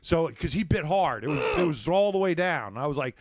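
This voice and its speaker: A middle-aged man telling a story on a podcast in a casual way. He swears freely and acts out the shouts and quotes of the people in it. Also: on the high side, sing-song, a little fast, no room sound, clean studio sound.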